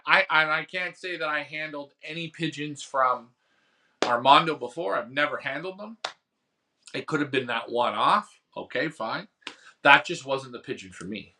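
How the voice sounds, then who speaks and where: Bright-voiced man chatting casually. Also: fairly high pitch. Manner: rambling storytelling, acts out phone bids; reads and answers viewer comments. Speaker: host of a pigeon racing show. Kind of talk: casual live-stream chat.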